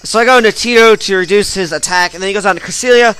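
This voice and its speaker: A young man giving excitable, slangy commentary over a recorded game battle, yelping his reactions. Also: sits high, rapid-fire, clear, resonant tone. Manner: excitable, yelps reactions and swears. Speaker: gaming channel host. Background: faint metal music.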